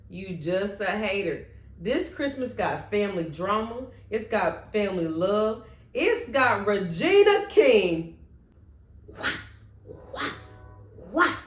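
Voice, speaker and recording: Woman vlogger, casual movie-ranking chat, very lively intonation, echoey room at home. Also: medium pitch. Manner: animated and expressive, with playful asides.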